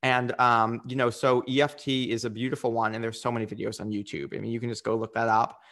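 Earnest man coach, mid pitch. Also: flat delivery, fast, fairly bright tone. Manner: earnest and reflective, with frequent fillers. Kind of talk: candid interview conversation.

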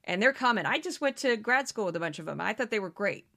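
Bright-voiced woman podcaster. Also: mid-range voice, fast talker. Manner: animated, self-deprecating, laughs often. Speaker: podcast host. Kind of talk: commentary podcast.

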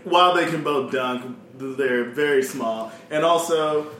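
A man's voice: mid-range voice, unhurried, a bit bright. A man co-hosting a podcast, easygoing in casual sports chat and laughing often. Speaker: podcast co-host. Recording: echoey room, faint hiss.

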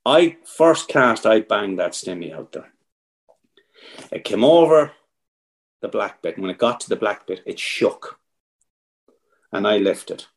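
An Irish man being interviewed as team captain, telling stories in a lively, casual way and swearing freely. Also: low-pitched, vocal fry. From Ireland. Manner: animated yarn-spinning, swears freely, frequent restarts.

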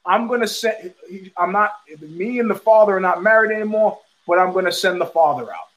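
High-voiced man telling a wild story. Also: fairly quick, lo-fi sound. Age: middle-aged. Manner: profane, animated storyteller acting out quotes. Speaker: host. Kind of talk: storytelling monologue.

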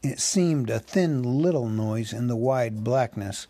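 Male reader, unhurried, dry close sound, mid-pitched. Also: warm tone, no room sound. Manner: slow, measured storytelling. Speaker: audiobook reader. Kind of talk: reading a novel aloud.

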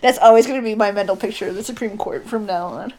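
A woman's voice: medium pitch, quick pace, a little mellow, a little hiss or hum. A woman in casual, crude conversation who keeps breaking into laughter. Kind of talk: casual chat.

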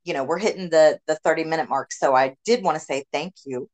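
This podcast host is a woman with a low-sitting voice who talks fast, recorded in low quality. She's blunt in her casual political chat, swears a lot, and gets into animated rants.

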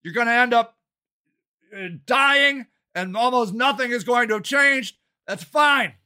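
An older man who is running for city council delivers an angry, profane monologue, often shouting. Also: extremely high pitch, unhurried, clean tone. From Ohio, United States. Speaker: city council candidate and activist.

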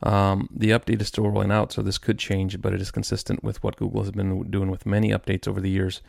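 A man hosting his own podcast rants in a frustrated, rambling way, restarting many times. His voice is on the low side, fast and monotone, a little mellow with vocal fry, and the studio-quality recording has no echo.

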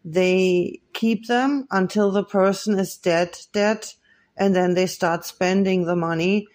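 A podcast host delivering a solo monologue in an earnest, accusing tone, often pausing on hesitant fillers. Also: mid-range voice, fairly even intonation, darkish tone.

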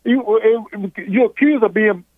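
A man's voice: sits high, measured pace, no room sound. A man from Virginia with a Southern accent, calling in and arguing insistently over the phone line. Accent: Southern American. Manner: insistent, repeats himself to hold the floor. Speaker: caller. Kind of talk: heated phone call.

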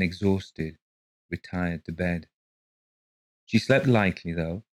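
A man narrating a ghost story in a measured, steady reading voice. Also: low voice, dry recording.

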